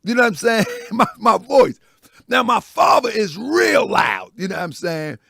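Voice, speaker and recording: A man with a raspy voice hosting a casual morning show, telling stories loudly and laughing as he goes. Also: high voice, normal speed, no echo. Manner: loud, animated storytelling with laughs. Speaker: host.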